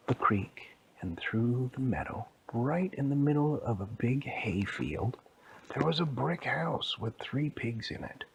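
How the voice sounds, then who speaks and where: Male storyteller, hushed whispered storytelling, expressive swoops, gravelly. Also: mid-range voice. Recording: clear background hiss.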